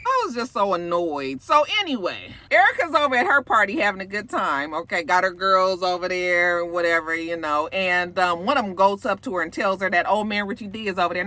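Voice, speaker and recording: A woman's voice: mid-range voice, moderate pace. A woman hosting a casual reality TV recap, sassy and profane, acting out what people said. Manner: sassy, animated, profane storytelling; acts out quotes in shifting voices.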